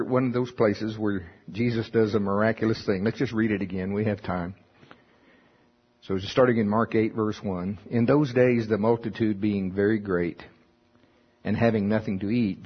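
A man's voice: on the low side, breathy edge, dull audio. A man preaching folksy Bible teaching, reading scripture aloud and explaining it with chuckling asides.

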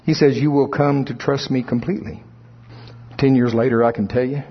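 Husky-voiced preacher with a dull, lo-fi sound. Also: male voice, medium pitch, steady tone, a little fast. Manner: conversational, playfully acts out congregants' voices. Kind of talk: sermon.

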